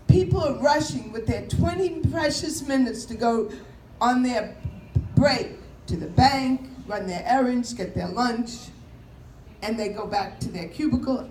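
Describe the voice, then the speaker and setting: High-voiced New woman doing stand-up. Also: animated, unhurried, a little mellow. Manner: chatty, storytelling, mimics voices and announcements. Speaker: comedian. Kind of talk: stand-up comedy set. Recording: echoey room with faint noise.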